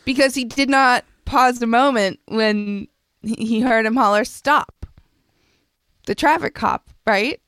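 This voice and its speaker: A woman's voice: a little high, a little slow, fairly bright tone, clear, resonant tone, no echo. A woman co-hosting a podcast, telling stories in an amused, giggly manner. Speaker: podcast co-host. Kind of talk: casual comedy podcast banter.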